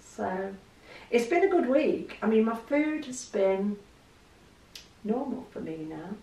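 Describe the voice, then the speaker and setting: English woman vlogger, gravelly voice, roomy echo, mic set back, chatty storyteller. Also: on the high side, very animated, slow pace, warm tone, far from the mic. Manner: chatty, storytelling, laughs easily. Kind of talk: casual chat to camera.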